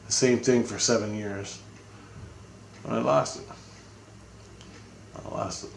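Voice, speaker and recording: Male vlogger, mid pitch, blunt and rambling, casual update, echoey room. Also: steady tone, slow pace, gravelly, a little hiss or hum. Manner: rambling, blunt, swears freely. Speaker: spiritual vlogger. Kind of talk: casual spoken video update.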